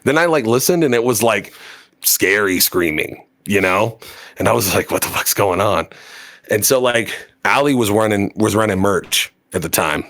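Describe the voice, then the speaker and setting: A man's voice: lowish voice, animated, moderate pace, a bit bright. A man co-hosting a podcast, telling a story in casual chat, rambling and full of fillers and swearing. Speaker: podcast co-host.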